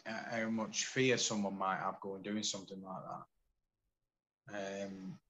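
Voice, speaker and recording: A man in his forties from the UK, a podcast guest telling his story in candid, animated casual conversation. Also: low voice, unhurried, a little hiss or hum, poor audio. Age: 40s.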